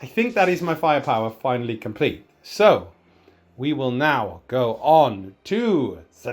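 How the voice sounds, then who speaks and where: A man's voice: mid-range voice, moderate pace. Chatty man calling dice rolls. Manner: chatty, self-mocking, excitable over dice rolls. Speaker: tabletop wargame player narrating his turn. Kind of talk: casual battle report commentary.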